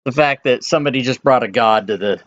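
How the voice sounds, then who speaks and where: A man running a tabletop game as dungeon master, explaining slowly with frequent hesitations. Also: mid-range voice, a bit bright, lo-fi sound. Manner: unhurried, hesitant with many ums.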